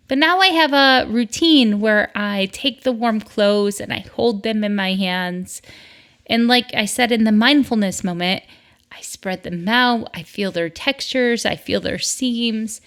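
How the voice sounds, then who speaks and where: A woman's voice: a little high, expressive, unhurried, a bit bright. A middle-aged woman from the northern United States hosting a solo podcast, chatty and upbeat, with asides. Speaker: podcast host.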